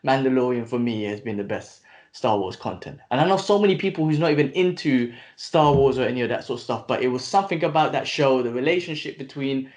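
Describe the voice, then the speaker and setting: An enthusiastic man co-hosting a podcast who gets excited talking and swears casually. His voice sits at an ordinary middle pitch. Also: quick pace. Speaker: podcast co-host. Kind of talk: casual chat.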